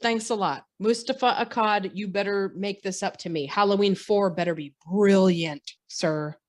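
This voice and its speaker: A woman's voice: medium pitch, normal speed. A woman co-hosting a podcast, ranting bluntly and sarcastically about a bad movie in casual chat. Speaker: podcast co-host.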